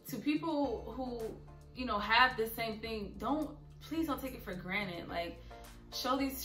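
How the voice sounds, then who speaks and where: A young woman speaking earnestly and openly emotional in a personal vlog. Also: mid-range voice. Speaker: vlogger. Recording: echoey room, a bit far from mic, soft music.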